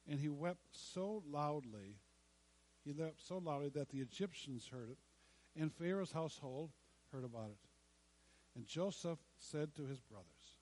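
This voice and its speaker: A man preaching a sermon, telling a story dramatically with repeated lines and long pauses. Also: on the high side, darkish tone. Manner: dramatic, acts out quoted lines with pauses and repetition. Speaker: pastor.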